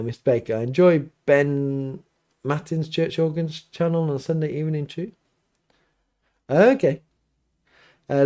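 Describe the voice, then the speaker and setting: This middle-aged man is a priest hosting a live question-and-answer stream from a home studio. His medium-pitched voice is a little mellow, and he talks casually, rambling through many restarts and fillers.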